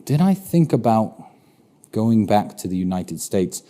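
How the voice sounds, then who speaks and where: A man's voice: lowish voice, sing-song, a little slow, warm tone. A man with a British accent answering interview questions in an assertive, opinionated way, often repeating phrases for emphasis. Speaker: interview guest.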